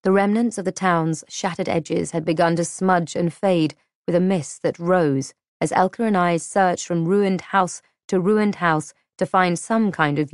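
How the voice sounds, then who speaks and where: A woman narrating a first-person audiobook in a measured, reflective way. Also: fairly low pitch, dry recording, studio quality.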